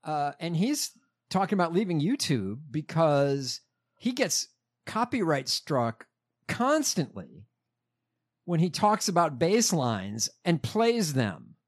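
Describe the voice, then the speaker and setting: A man's voice: a little high, very animated, takes it slowly. A man in casual conversation, talking animatedly, with rambling asides and frequent swearing. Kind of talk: casual chat.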